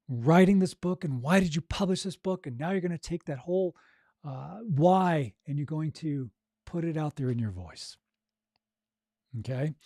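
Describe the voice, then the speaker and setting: High-voiced man coaching vocal warm-ups. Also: dry recording, studio quality. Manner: encouraging, repeats "right?" and "okay?", demonstrates vocal exercises. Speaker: audiobook narration coach. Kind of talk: podcast coaching talk.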